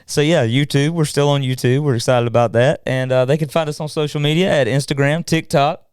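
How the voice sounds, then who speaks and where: Dude co-hosting a podcast, easygoing and jokey, clean smooth voice. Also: male voice, on the high side, steady tone, a little fast, darkish tone, dry recording, clean studio sound. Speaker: podcast co-host. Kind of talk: casual chat.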